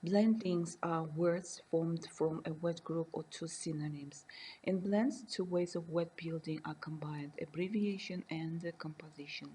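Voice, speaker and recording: Woman lecturer, measured and careful delivery, soft dark tone. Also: sits low, steady tone, slightly rough, rough recording. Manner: reads slowly and carefully, defining terms with examples. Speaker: university lecturer. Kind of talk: recorded lecture reading.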